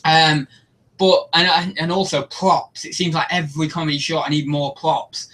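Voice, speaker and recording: A young man hosting a casual live stream, chatting in a rambling, self-mocking way. His voice sits a little high and sounds bright and forward. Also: flat delivery, moderate pace. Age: young adult. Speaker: YouTube host.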